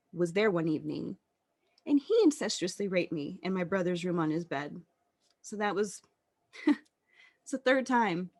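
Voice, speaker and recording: Her personal story unfolds in an earnest, reflective way, with halting pauses throughout. She is a woman in her thirties appearing as a podcast guest, speaking in a mid-range voice.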